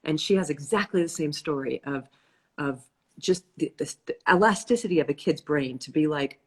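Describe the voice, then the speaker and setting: A woman's voice: deep voice, moderate pace, slightly rough. A woman hosting a casual live video conversation, talking thoughtfully and reflectively. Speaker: host. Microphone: live video call.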